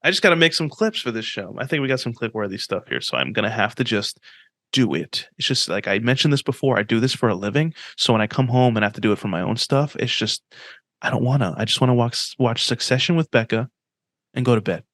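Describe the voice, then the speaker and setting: A young man co-hosting a podcast, chatting casually and animatedly, swearing freely and quick with opinions. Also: medium pitch, lively intonation, fairly bright tone, no room sound, clean studio sound. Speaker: podcast co-host. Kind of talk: casual chat.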